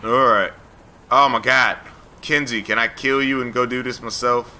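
A man's voice: mid-range voice, steady tone, moderate pace, bright, forceful tone, slight background noise. A man hosting a let's play, rambling, teasing and talking back to the game as he plays. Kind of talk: joking gameplay commentary.

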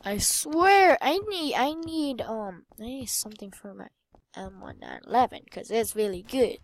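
A young woman giving casual commentary while playing a shooter game, excitable and often muttering to herself. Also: on the high side, measured pace. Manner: excitable, swears mildly, trails off into mumbling. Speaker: gamer. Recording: faint game gunfire behind.

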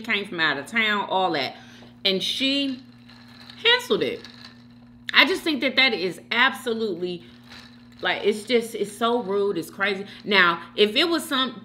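A middle-aged woman gossips in an easy, chatty way while she eats, talking right to her viewers as y'all and girl. Her voice is bright and forward, and her pitch jumps around a lot. A faint hum sits behind her. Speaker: mukbang vlogger. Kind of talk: casual gossip chat while eating.

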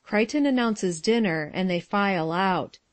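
A woman reading the stage directions of a play in a plain, unhurried way. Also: mid-range voice, dry recording. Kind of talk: audio drama narration.

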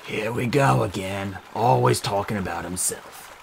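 A man voicing a bitter, sarcastic male snake with a raspy voice in an audiobook. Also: on the low side, a little slow, a little hiss or hum, low-quality recording.

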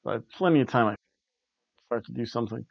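A man's voice: medium pitch, fast, vocal fry, husky, dry recording, highs cut off. A man hosting a casual wrestling review, rambling offhand with ums and restarts. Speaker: wrestling reviewer, show host. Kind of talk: casual spoken show recap. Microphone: camera recording at home.

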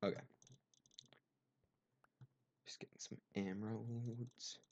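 A man's voice: on the low side, little pitch movement, takes it slowly, vocal fry, a little mellow. A young man commentating his game with sarcastic, mock-offended rants on a cheap desk mic. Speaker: gamer. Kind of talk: gameplay commentary.

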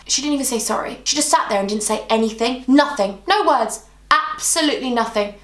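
A woman's voice: on the high side, a little fast, a bit bright, roomy sound. A young woman telling a dramatic storytime vlog, chatty and full of asides to her viewers. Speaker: beauty vlogger.

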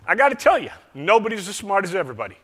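A man's voice: sits high, wildly swooping pitch, racing, sharp tone, husky, voice pushed up, full character voice. A man putting on a Southern US accent to quote a folksy, persuasive colleague. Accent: Southern US, put on. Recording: reverberant hall sound.

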